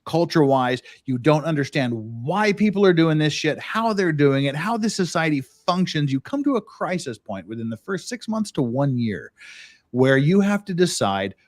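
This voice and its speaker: A man's voice: on the high side, lively intonation, moderate pace. A middle-aged man from the United States who hosts a casual chat, talking bluntly with plenty of swearing and acting out other people's rants. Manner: blunt and profane, acts out quoted rants. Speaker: podcast host.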